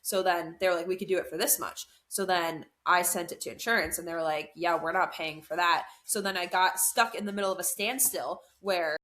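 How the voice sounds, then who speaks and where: A woman's voice: fairly low pitch, brisk, hardly any pauses. A young woman co-hosting a podcast, casually telling a story and acting out what other people said. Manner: animated storyteller, acts out quoted voices. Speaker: podcast co-host.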